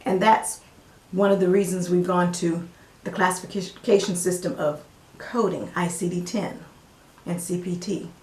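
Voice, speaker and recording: A woman from the American South with a Southern US accent speaks at a fairly low pitch, with a steady, darkish tone and measured pace, in a reverberant space. She teaches medical coding in a casual, folksy way using everyday examples.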